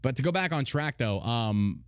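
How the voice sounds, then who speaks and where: A man's voice: medium pitch, animated, normal speed, smooth, no room sound. Guy ranting on his podcast, swears a lot, blunt and mocking, mid voice, dry sound. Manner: blunt and heavily profane; loud, mocking outbursts. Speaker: podcast host. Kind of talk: casual podcast rant.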